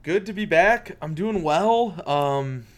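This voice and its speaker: A man's voice: sits high, lively intonation, takes it slowly. A man talking easily as a guest on a casual podcast. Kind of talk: casual conversation.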